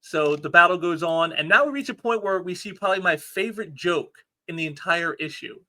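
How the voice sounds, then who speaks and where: Bright-voiced man gushing about comics. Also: high-pitched, lively intonation, brisk. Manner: enthusiastic, rambling with many restarts. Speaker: comic book reviewer. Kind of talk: casual comic review vlog.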